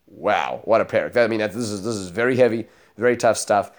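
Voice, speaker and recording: A man's voice: fairly low pitch, a little fast. Man teaching a Bible chapter, storytelling. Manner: storytelling with many fillers and restarts, voicing quoted speakers. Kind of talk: Bible study lesson, retelling a chapter.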